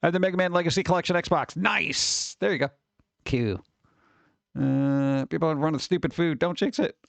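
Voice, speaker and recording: Male streamer, higher-pitched, rambling casual chat, dry sound. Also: normal speed, vocal fry, no echo. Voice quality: scratchy vocals at times. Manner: rambling, wry, reacts to chat and pictures.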